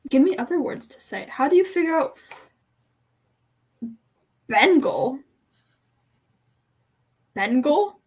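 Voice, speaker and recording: A woman's voice: high voice, very animated, takes it slowly, pauses often, darkish tone. A young woman co-hosting a reading livestream, chatting playfully and testing how she pronounces words. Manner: playful, testing her own pronunciation aloud. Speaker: booktube co-host. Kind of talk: casual chat on a reading livestream.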